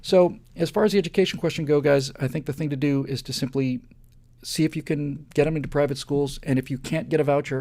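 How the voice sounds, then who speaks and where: Host, male, 50s: gravelly, mellow voice, animated storyteller who trips over his words. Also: medium pitch. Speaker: show host. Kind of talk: storytelling monologue on a live web show.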